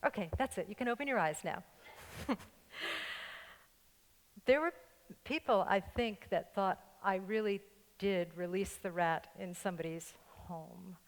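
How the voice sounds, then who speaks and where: An older woman pastor with a faint New York accent preaches in a joking, playful way, often laughing with her listeners. Her voice sits at a middle pitch, and a long reverb trails after it in the large church hall. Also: unhurried, long pauses. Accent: slight New York. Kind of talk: sermon. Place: church sanctuary with congregation.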